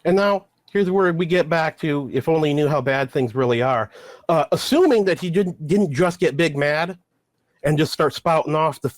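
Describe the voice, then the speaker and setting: A man's voice: fairly high pitch, normal speed, no room sound. Sardonic man pressing a debate point. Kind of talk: political debate.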